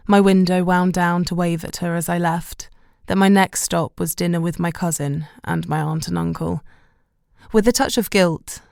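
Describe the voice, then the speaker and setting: A woman narrating a romantic comedy audiobook in the first person, wry and measured. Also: on the low side, vocal fry, darkish tone, no echo, studio quality.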